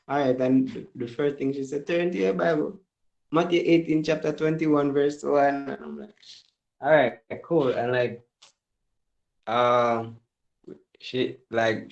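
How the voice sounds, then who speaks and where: A man, casually sharing a personal story at a Bible study in a relaxed, slangy way. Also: mid-range voice, creaky, dull audio.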